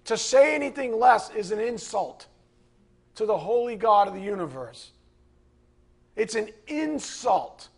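Fiery middle-aged male preacher, gravelly and husky, high-pitched, shouts at his peak. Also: big pitch swings, a little slow, pauses often. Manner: fiery, rising to angry shouting. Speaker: preacher teaching a Bible class. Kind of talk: sermon.

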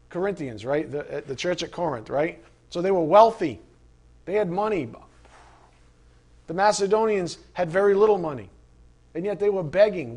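A man preaching a sermon, conversational and animated, asking the listeners rhetorical questions. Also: high-pitched. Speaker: pastor.

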